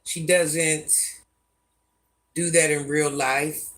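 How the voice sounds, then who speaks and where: A woman's voice: deep voice, level tone, drawn-out words, fairly bright tone. An older woman hosting a casual livestream, answering viewer comments bluntly and sassily, often talking about herself in the third person. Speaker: livestream host.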